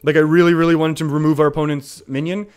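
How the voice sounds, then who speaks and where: A man's voice: fairly high pitch, level tone, fast talker, smooth. A man live-streaming a card game, talking through his plays in a chatty way and often laughing.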